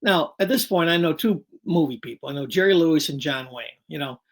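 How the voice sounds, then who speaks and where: A man's voice: fairly high pitch, fairly quick, crowd noise. A man in his sixties, a weekly guest on a talk show, telling an anecdote in a casual way and acting out the people he quotes. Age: 60s. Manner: animated storyteller acting out quotes. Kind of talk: casual storytelling.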